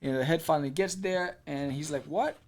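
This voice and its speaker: A man with a slightly high voice talks fast as he hosts a podcast, casually retelling and reviewing a comic. He's an animated storyteller who acts out character lines and uses many fillers.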